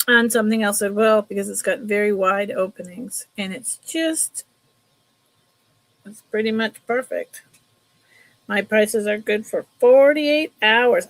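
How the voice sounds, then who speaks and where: A woman's voice: medium pitch, low-quality recording. A middle-aged woman hosting a live jewelry sale, chatting casually and rambling between viewers, her cat and the pieces she shows. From California. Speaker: live sale host selling vintage jewelry. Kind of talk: casual live-stream sales chat.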